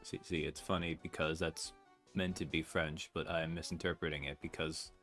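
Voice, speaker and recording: A man's voice: rumbling low, flat delivery, moderate pace, a bit bright, soft background music. A man giving casual, wry commentary while playing through a game. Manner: chatty, wry asides. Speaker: let's-play streamer.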